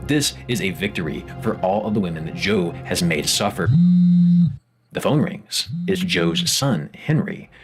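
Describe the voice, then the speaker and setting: A man narrating a scripted video essay, expressive and rising for emphasis, with a music bed under his voice. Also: low voice, a little slow.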